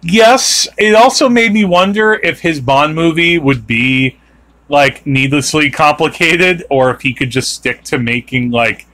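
A man's voice: on the high side, measured pace, pushed and bright. Rambling man in casual podcast chat. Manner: rambling, lots of fillers like "like" and restarts. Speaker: podcast host.

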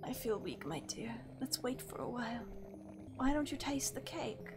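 A woman voicing a sinister, coaxing mother in a horror game, in a breathy, low whisper. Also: big pitch swings, moderate pace, music in the background. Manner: sweet, coaxing, menacing.

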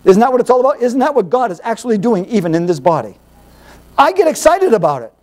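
A man preaching a sermon as Bible teacher, animated and emphatic, piling up rhetorical questions and repeated phrases. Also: very high-pitched, fast.

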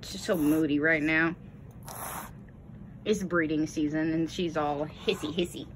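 A woman's voice: deep voice, fairly even intonation, unhurried, slight background noise. A woman talking to her pet genet in teasing, coaxing baby talk. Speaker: exotic pet owner.

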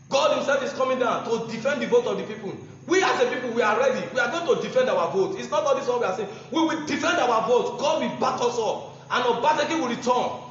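Faint noise and dull, lo-fi sound fill an echoey room as a political speaker with a Nigerian accent mocks and attacks, repeating phrases for emphasis. His voice is very high and a bit bright.

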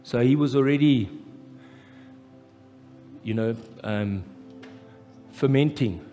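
A man with a South African accent preaching a live sermon as pastor, impassioned and rising to loud, emphatic peaks. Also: mid-range voice, slow pace. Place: church hall, live. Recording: echoey church hall with faint music.

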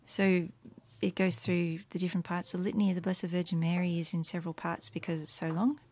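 A woman with a lowish voice talks through her Latin teaching materials in a relaxed, meandering way. She fills gaps with ums and drops into soft murmured asides. The sound is dry and close, with no room echo. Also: a little fast. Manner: casual and rambling, with many fillers and soft murmured asides. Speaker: Latin teacher making resources. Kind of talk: screen walkthrough tutorial.

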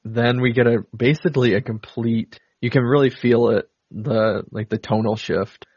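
A man's voice: medium pitch, fairly even intonation, moderate pace, a little mellow, slightly rough, dry recording. A man co-hosting a podcast in casual chat, retelling film scenes in a rambling way with many fillers. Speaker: podcast co-host. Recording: dull lo-fi dry sound.

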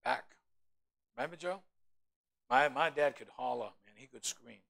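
A man, a pastor, preaching a sermon in an animated way with humorous asides to the congregation. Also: medium pitch, normal speed, vocal fry.

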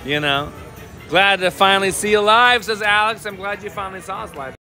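A man's voice: high voice, brisk. A man hosting a live slot stream, reading viewer comments aloud with playful, laughing banter. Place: casino floor. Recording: casino floor with loud machine music. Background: slot machine music.

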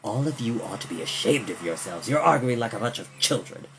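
A man's voice: on the low side, animated, brisk, fairly bright tone, slight background noise, pitched below the performer's own voice. A man voicing a villainous count who roars commands in a storybook reading. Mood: furious, commanding. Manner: roaring and commanding. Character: booming villainous adult male count.

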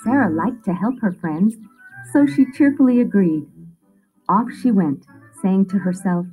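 A woman reads a children's story aloud with a lively, rising and falling voice. Soft music plays faintly behind her. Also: mid-range voice, a little slow, poor audio. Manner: expressive storytelling. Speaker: narrator.

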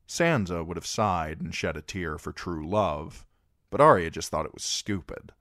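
Lively low-voiced man reading aloud. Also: normal speed, no echo, clean studio sound. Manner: expressive, animated reading. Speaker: amateur audiobook reader. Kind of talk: storybook narration.

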